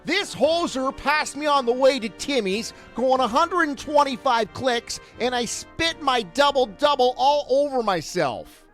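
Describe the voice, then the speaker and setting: Guy doing a canadian hoser voice, slow and high, hints of music behind. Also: lively intonation, fairly bright tone, full character voice. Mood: hoser drawl. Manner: drawn-out, high, slangy delivery.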